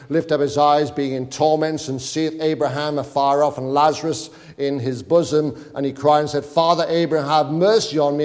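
With a voice on the high side and a darkish tone, a male preacher pleads with and exhorts his congregation during a sermon, reading scripture in King James wording. The sound carries a long hall reverb.

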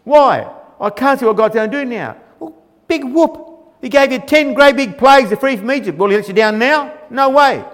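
A man's voice: very high voice, brisk, hardly any pauses, fairly bright tone, long reverb tail. A man preaching a sermon in a colloquial, emphatic way, mocking the grumbling of the people he quotes.

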